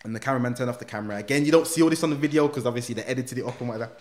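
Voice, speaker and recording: Animated man telling a story. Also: mid-range voice, racing. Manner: animated, heavy slang. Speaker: podcast guest. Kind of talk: casual storytelling.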